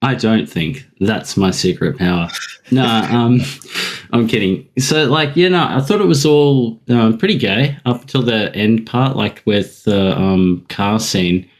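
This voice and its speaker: A man's voice: on the low side, measured pace. A man in a casual comic chat, joking and sarcastic. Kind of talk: casual chat about a webcomic.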